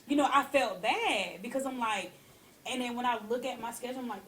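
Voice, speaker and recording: A woman's voice: on the high side, fast, fairly bright tone, slight background noise. A young adult woman, a hairstylist, talking candidly in a casual interview and often adding "you know what I'm saying". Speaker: hairstylist and guest.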